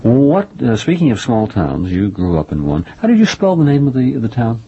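A man hosting an interview, talking in a halting, chatty way with many pauses and fillers. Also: mid-range voice, huge pitch swings, mellow, slightly rough. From Oklahoma family roots. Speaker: interview host. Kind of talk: radio interview conversation. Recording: dull lo-fi audio.

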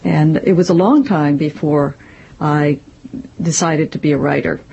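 A woman's voice: deep voice, steady tone, measured pace, gravelly, dark tone, slightly rough. Woman with a faint Mississippi accent. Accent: faint Mississippi Southern. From Mississippi, US South. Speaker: novelist, interview guest. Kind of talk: radio interview conversation. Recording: dull lo-fi audio with faint hiss.

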